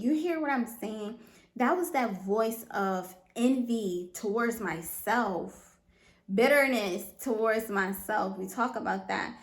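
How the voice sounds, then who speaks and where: A woman's voice on the high side sounds reverberant as she hosts a motivational solo podcast. Earnest and emphatic, she repeats phrases and regularly checks that her listener understands.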